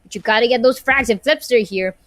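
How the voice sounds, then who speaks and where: A woman casting an esports match live, calling the action play by play. She is excitable and quick to exclaim when a big play happens. A faint hiss sits behind her voice. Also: a little high. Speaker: esports caster.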